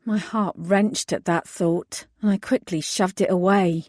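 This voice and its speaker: A woman's voice: mid-range voice, steady tone, darkish tone, dry recording, clean studio sound. A woman reading a first-person audiobook, narrating steadily and giving the heroine's lines emphatic force. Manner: measured narration with emphatic dialogue.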